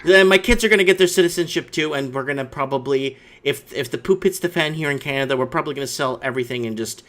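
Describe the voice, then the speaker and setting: A man hosting a call-in show, chatting casually and asking his caller lots of quick questions. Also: mid-range voice, a bit bright. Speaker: talk show host.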